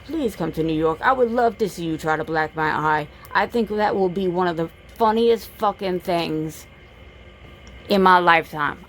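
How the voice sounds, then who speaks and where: A woman's voice: fairly low pitch, fairly bright tone, slight background noise. A woman vlogger delivering a blunt, profane, confrontational rant, lecturing and repeating her points for emphasis. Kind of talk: direct-to-camera rant.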